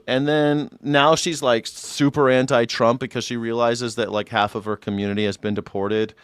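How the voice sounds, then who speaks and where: A man's voice: mid-range voice, brisk, fairly bright tone, clean tone, no echo, studio quality. A man hosting a live news reaction show, sarcastic and mocking, with frequent profanity.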